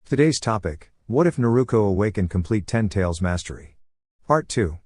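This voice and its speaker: A man with a low voice narrates a fan-fiction story in a smooth, even, scripted reading. The sound is dry and close, with no room echo. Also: normal speed. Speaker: storyteller channel host.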